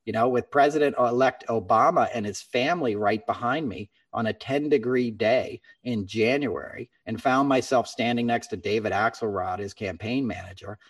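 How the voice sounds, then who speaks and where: A man's voice: medium pitch, normal speed, hardly any pauses, recorded from a distance. A man hosting a podcast in casual chat, talking earnestly and with passion, calling his co-host man and brother.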